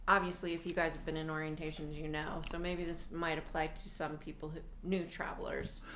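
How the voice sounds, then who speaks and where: A woman from Colorado co-hosting a podcast in casual chat, lively and laughing often. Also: low voice, fairly quick, a little hiss or hum. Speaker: podcast co-host.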